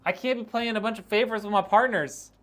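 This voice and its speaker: A man's voice: high voice, fairly even intonation, fast, a bit bright. A man streaming a PC build, chatting casually and teasing viewers as he reads their messages, with frequent laughs. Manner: joking, teasing, laughs often.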